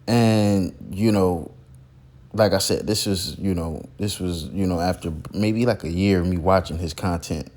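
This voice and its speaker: A man's voice: deep voice, a little slow, a little mellow. A man telling a casual story about a mentor, rambling with many fillers and restarts. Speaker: content creator recalling a mentor.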